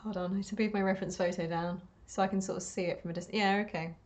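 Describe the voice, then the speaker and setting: A woman talking her way through a painting on a live stream. She rambles and talks to herself as she works, pokes fun at herself and laughs often. Her pitch sits in the ordinary middle range. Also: steady tone, racing, darkish tone. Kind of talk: chatty live-stream commentary while painting.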